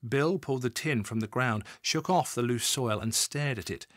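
A man narrating a crime audiobook in an expressive, dramatic reading. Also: mid-range voice, normal speed, no echo, studio quality.

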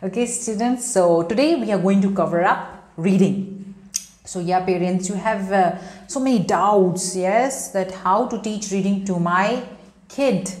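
A woman's voice: medium pitch, unhurried, darkish tone, echoey room. A woman, teaching an online lesson to students, emphatic and repetitive. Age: 30s. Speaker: English teacher. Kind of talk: online spoken English lesson.

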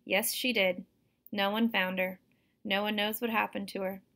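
A woman reading aloud, voicing an old country man who tells spooky tales in a slow, drawling way. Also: mid-range voice, little pitch movement, bright, forceful tone.

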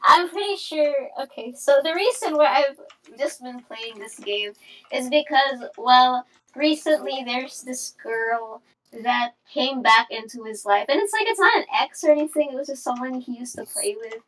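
A woman's voice: high voice, lively intonation, normal speed, fairly bright tone, distant mic, poor audio. A woman voicing a distraught young woman patient, a jealous gamer girlfriend who rambles and curses nonstop, in an improvised comedy role-play. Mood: rambling. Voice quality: curses constantly, rambling and dramatic.

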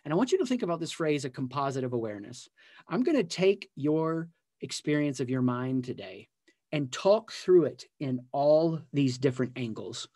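A man's voice: mid-range voice, expressive, moderate pace, dark tone, no room sound, clean studio sound. A man teaching a live personal growth session in an emphatic style, repeating key phrases and building energy as he goes. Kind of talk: live motivational teaching talk. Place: live community event.

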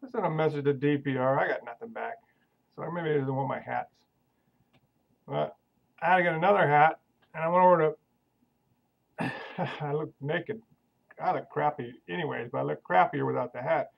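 A man rambling through a casual video message with a folksy, deadpan manner, sending a question to another video maker. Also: fairly high pitch, moderate pace, creaky, pauses often, highs cut off.

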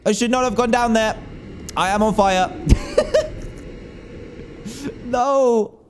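A young man commentating a horror game as he plays, jumpy and quick to panic at the scares. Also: extremely high pitch, slight background noise. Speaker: gaming YouTuber.

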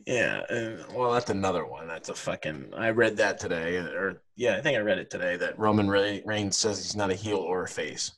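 A man's voice: low-pitched, normal speed, hardly any pauses, fairly bright tone. A man co-hosting a casual podcast, rambling with lots of fillers. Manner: laid-back, rambling with many fillers. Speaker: podcast co-host. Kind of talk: casual chat.

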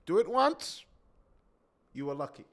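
Emphatic preacher man, loud and hushed. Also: high-pitched, very animated, measured pace. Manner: emphatic, repeats key lines, swings between loud and hushed. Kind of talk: sermon.

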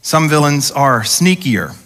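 Male pastor mid-sermon, conversational preacher who acts out quoted voices, bright forceful tone, slightly high. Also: big pitch swings, slow. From United States. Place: large church auditorium. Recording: church hall reverb.

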